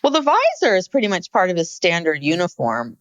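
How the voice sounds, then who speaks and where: Woman podcast co-host, animated recap chat, lively pitch, dry close sound. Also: a little fast, no room sound, muffled recording. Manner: animated, exclaims about frantic scenes. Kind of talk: casual reality TV recap chat.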